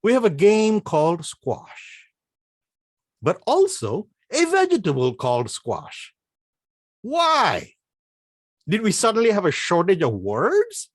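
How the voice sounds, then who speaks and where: A man's voice: high-pitched, huge pitch swings, dry recording, studio quality. Playful man giving a humorous speech. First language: not English. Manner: playful, rhetorical questions, deliberate spelling out. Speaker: club speaker. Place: club meeting room.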